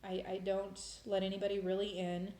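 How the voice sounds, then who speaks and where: A woman's voice: medium pitch, completely flat delivery, a little fast, warm tone, slight background noise. Emotional woman rambling in a roomy echo. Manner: emotional, rambling with many restarts. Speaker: vlogger sharing faith experiences. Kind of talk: casual testimony monologue.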